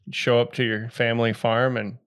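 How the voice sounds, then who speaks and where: A man's voice: mid-range voice, little pitch movement, a little fast, a bit bright, clear, resonant tone. Man, co-host, crude, profane, loose chat. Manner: crude, swears a lot. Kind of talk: crude casual banter.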